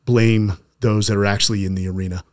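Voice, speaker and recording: Earnest, low-voiced middle-aged male host. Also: flat delivery, quick pace. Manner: earnest, stops and restarts mid-sentence. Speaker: podcast host. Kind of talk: conversational interview.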